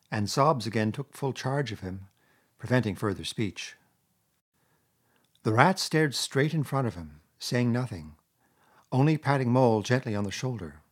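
A man narrating a classic storybook in a measured, expressive reading. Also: medium pitch. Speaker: audiobook narrator.

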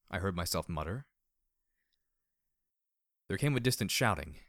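Low-voiced man narrating a story. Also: animated, unhurried, pauses often, fairly bright tone, dry recording, studio quality. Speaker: audiobook narrator. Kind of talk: first-person fiction narration.

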